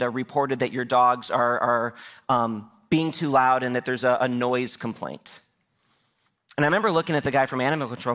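A man's voice: medium pitch, a bit bright. A man, the pastor, telling a personal story during a church sermon, quoting the people in it himself. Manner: anecdotal, quotes others in his own voice.

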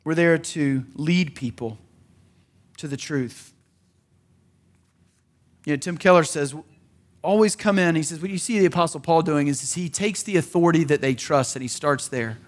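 A man's voice: on the high side, normal speed, pauses often. A male pastor preaching a sermon in a conversational way, often acting out the voices he quotes.

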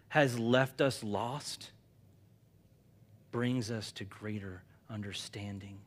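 A man preaching a sermon in an animated, conversational way, dropping quiet for emphasis. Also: medium pitch. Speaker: pastor.

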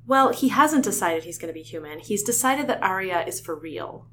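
A woman's voice: mid-range voice, expressive, moderate pace, sharp tone. Young woman, podcast co-host, casual and chatty, mid-range voice, light hum on the recording. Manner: chatty, with many "like" fillers, reads passages with feeling. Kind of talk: casual book discussion and reading aloud.

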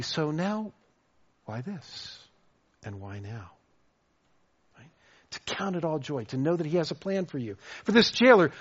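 A man preaching a sermon as pastor, lively and repeating words as he restarts his thoughts. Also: a little high. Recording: dull lo-fi sound.

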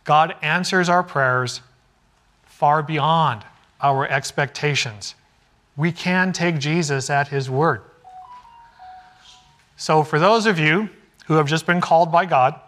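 Brief: middle-aged male preacher, slightly higher voice, storytelling sermon delivery with acted-out quotes. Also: slow, long pauses, a bit bright, a little hiss or hum. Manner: storytelling, acts out quoted dialogue. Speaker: pastor.

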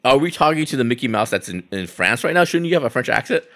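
A man's voice: medium pitch, expressive, fast, a bit bright. A man co-hosting a podcast in casual chat, teasing and wisecracking. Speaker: podcast co-host.

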